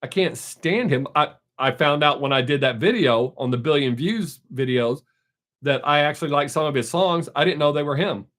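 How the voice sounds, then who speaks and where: A man's voice: a little high, moderate pace, fairly bright tone. A man hosting a casual live stream, answering viewer comments in a blunt, opinionated way.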